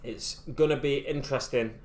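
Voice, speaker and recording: A man's voice: medium pitch, normal speed, a little mellow. A British man chatting casually while live-streaming his miniature painting, thinking aloud in a rambling way with frequent restarts. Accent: British English. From United Kingdom.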